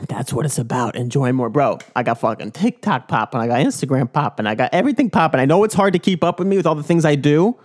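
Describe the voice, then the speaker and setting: A man's voice: a little high, expressive, quick pace, hardly any pauses. A young man hosting his own dunk podcast, talking casually in a hyped, joking, swearing bro manner. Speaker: dunk vlogger and podcast host. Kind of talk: casual rambling podcast monologue.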